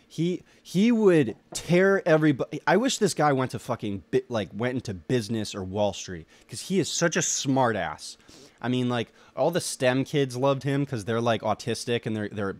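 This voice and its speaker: A young man in a rambling solo monologue, ranting with heavy swearing and lots of filler words. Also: lowish voice. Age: young adult. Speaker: solo podcaster.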